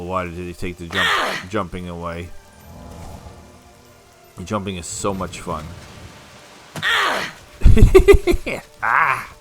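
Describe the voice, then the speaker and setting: Low-voiced man chatting over gameplay. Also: pushed and bright. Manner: chatty, rambling self-talk with frequent laughs. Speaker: gameplay commentator. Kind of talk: casual let's-play commentary.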